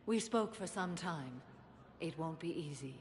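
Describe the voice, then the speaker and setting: An actress playing a stern, solemn alien warrior woman who speaks in a calm, formal, restrained way. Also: low voice, measured pace.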